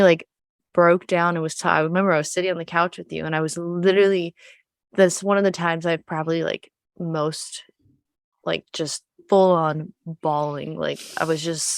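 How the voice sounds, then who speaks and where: A young adult woman with a fairly low voice tells a personal story candidly and chattily. Her delivery is lively and expressive. The sound is close and dry. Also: smooth, no echo. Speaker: podcast co-host. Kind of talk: casual chat, personal story.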